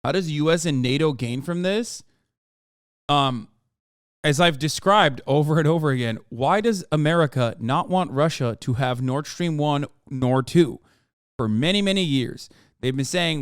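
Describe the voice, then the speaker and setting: A man's voice: on the high side, a little slow, smooth, no room sound, clean studio sound. A man livestreaming, giving blunt, profane political commentary and arguing points with his chat.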